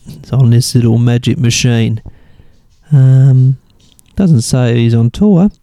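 Man, Australian accent, radio host, casual rambling chat, warm tone, dry close sound. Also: medium pitch, takes it slowly, no echo. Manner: rambling, thinks aloud while searching online.

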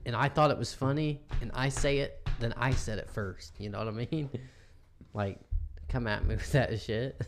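A man co-hosting a casual podcast, with a mid-pitched voice. He jokes crudely and laughs often. A faint noise sits under the recording. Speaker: podcast co-host. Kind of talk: casual chat.

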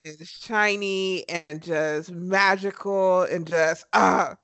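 A woman's voice: fairly low pitch, fairly even intonation, slow pace, a bit bright, no room sound. A woman co-hosting a podcast in casual chat, enthusiastic and emphatic as she gushes. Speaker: podcast co-host.

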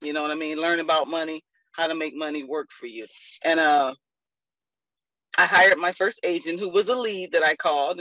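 An excited insurance agent, a woman, gushing through a casual update on a video call. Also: deep voice, normal speed, no echo, dull audio.

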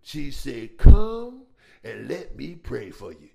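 A man playing a brash, streetwise, defiant man who talks loud, boastful and full of slang in a comedy sketch. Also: mid-range voice, big pitch swings, takes it slowly, gravelly, husky, full character voice.

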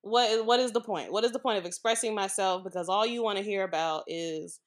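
A woman's voice: mid-range voice, fairly quick. A young woman from the US Midwest, a podcast guest, telling a personal story in a frank, informal way and laughing through hard memories.

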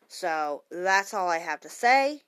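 A woman's voice: medium pitch, lively intonation, unhurried. A tired woman in a late-night, rambling monologue, heavy on swearing and punchy emphasis. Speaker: vlogger.

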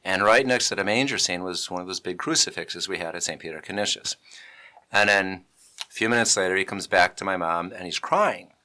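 A man telling a personal story in a casual chat, animated and acting out the people he quotes. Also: fairly quick. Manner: animated, acts out quotes with big pitch jumps.

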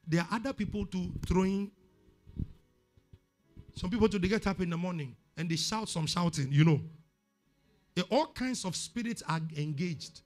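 Ghanaian guy preaching hard, keeps repeating himself, high voice. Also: expressive, normal speed, long pauses, soft background music. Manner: emphatic preaching, repeats words for stress. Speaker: pastor. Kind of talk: sermon.

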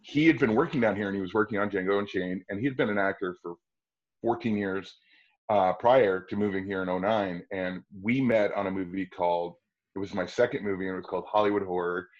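A man in his forties from Wisconsin, an actor telling stories in a casual interview and acting out quotes in a high excited voice. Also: brisk. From Wisconsin, USA. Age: 40s. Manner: animated storyteller, acts out quotes in a high excited voice. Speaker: actor guest. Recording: dull lo-fi audio.

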